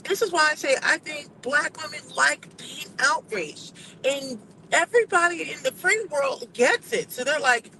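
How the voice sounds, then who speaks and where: A woman's voice: high voice, a little slow, bright, forceful tone, a little hiss or hum, poor audio. Sassy, emphatic woman vlogger. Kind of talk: casual opinion monologue.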